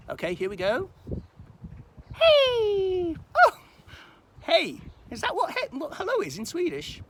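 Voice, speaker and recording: A man, a church minister, giving a gentle, animated children's talk at home. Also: a little high.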